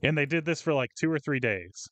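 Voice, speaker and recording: A man's voice: fairly high pitch, animated, fairly quick, a bit bright, dry recording. A man co-hosting a casual podcast, venting profanely about coworkers and acting out their lines. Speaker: podcast co-host.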